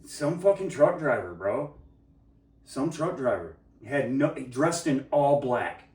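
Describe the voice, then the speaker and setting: A man's voice: mid-range voice, very animated, takes it slowly, darkish tone, far from the mic. A man co-hosting a casual chat, telling a heated story full of profanity and acting out the people in it. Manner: heated, swearing, mimics people in his story. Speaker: podcast co-host. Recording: roomy, off-mic sound.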